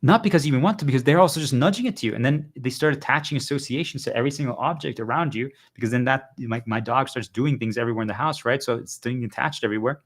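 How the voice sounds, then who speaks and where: A man's voice: mid-range voice, very fast, few pauses. A male livestreamer giving an urgent, insistent motivational monologue to his viewers, hammering points home with repeated phrases.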